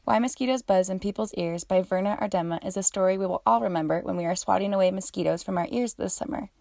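A woman teacher hosting a class podcast, reading a scripted outro in a clear, steady read-aloud manner. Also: mid-range voice, fast talker. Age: adult.

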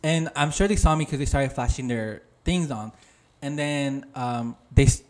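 A man co-hosting a podcast over a video call, rambling through jokey stories with plenty of swearing. His voice sits at an ordinary middle pitch for a man, and he talks in a loose, chatty way. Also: normal speed, darkish tone. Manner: swears a lot, rambling storytelling. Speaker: podcast co-host. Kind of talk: casual comedic chat.

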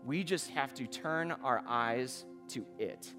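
A man's voice: medium pitch, slow pace, music in the background. A male pastor preaching a sermon in a conversational storytelling way that rises to fervent emphasis.

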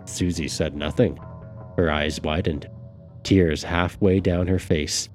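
A man narrating a dark novel in a measured storytelling manner. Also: low-pitched, fairly even intonation, soft background music. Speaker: audiobook narrator. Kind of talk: scripted narration.

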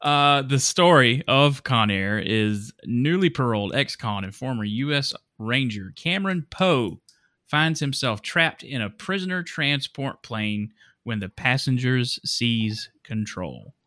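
Bright-voiced man hosting a podcast. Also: mid-range voice, lively intonation, unhurried, no echo, clean studio sound. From Alabama. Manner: laughs often, chatty. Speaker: podcast host. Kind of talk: casual movie podcast chat.

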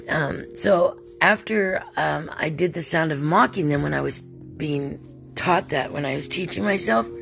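A woman's voice: fairly low pitch, creaky, fairly bright tone. A woman hosting a podcast alone, talking in a rambling, chatty way and laughing often. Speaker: podcast host. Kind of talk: casual solo podcast monologue.

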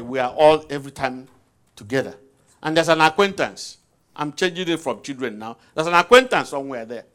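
A male preacher delivering a sermon in a fairly high voice that swoops up and down with great liveliness. He turns to his congregation with questions and repeats key phrases to drive them home. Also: a bit bright.

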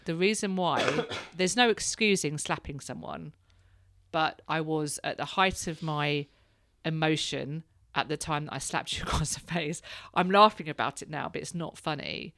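A woman's voice: low voice, moderate pace, fairly bright tone, dry recording, studio quality. A woman in her thirties, hosting a casual chat and telling candid stories, laughing now and then. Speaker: podcast host, mother.

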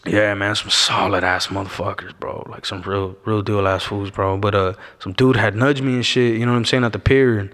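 A man's voice: fairly low pitch, fairly even intonation, fairly bright tone. Slangy man from Arizona, echoing room. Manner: slangy, laid-back, fills every pause with "bro" and "you know what I'm saying". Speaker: podcast guest. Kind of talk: casual storytelling. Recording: long echoing reverb.

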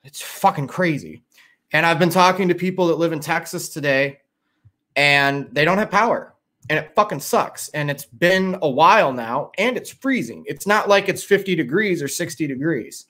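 A man's voice: fairly high pitch, expressive, moderate pace, pushed and bright. A middle-aged man from Chicago hosting a casual livestream, tired and rambling, with a lot of swearing. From Chicago area. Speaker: livestream host.

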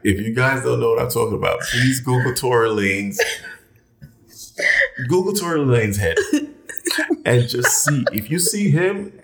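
A young man casually telling viewers a personal story, animated and swinging his voice up when acting out his own reactions. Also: medium pitch, moderate pace, pauses often, slightly rough.

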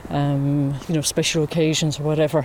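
A woman's voice: low-pitched, little pitch movement, a little mellow, a little hiss or hum. A woman in her fifties with an Irish accent, a photographer chatting as a guest while walking outdoors by a lake. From Ireland. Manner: chatty storyteller, unhurried. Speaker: interview guest, wildlife photographer. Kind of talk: casual chat.

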